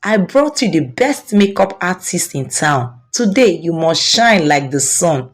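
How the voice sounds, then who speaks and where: A woman's voice: on the low side, big pitch swings, a little slow. A woman voicing a jealous young woman who sweet-talks her friend while plotting against her. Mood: honeyed. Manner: honeyed, then sneering and spiteful.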